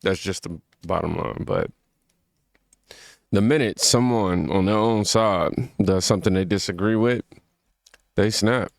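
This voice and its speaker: A man's voice: sits low, measured pace, gravelly, pauses often, no room sound, studio quality. A man hosting a casual reaction commentary, reading aloud and then talking loosely with viewers. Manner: reads scripture aloud, then talks loosely and informally. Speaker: commentary video host.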